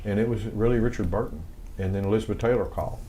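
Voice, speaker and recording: A man's voice: fairly low pitch, rapid-fire, noisy background. An older man with a Southern accent, rambling through stories as an interview guest with many fillers. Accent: American Southern. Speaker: guest, music composer. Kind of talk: casual interview storytelling.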